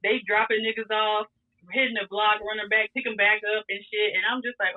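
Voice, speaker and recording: A young woman telling a story in casual chat, animated and profane, laughing as she goes. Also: mid-range voice, fairly quick. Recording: tinny phone-like sound.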